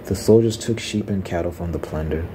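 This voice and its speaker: A man's voice: deep voice, a little fast, noisy background, natural voice. A man reading a defensive ancient king. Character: defensive ancient male king making excuses. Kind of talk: ASMR scripture reading.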